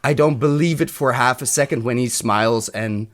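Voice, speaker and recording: A man from Europe co-hosting a podcast, picking apart a film in loose, casual talk. He is frank and sardonic and swears freely, with a voice of ordinary middle pitch. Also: normal speed. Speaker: podcast co-host. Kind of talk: casual film review chat.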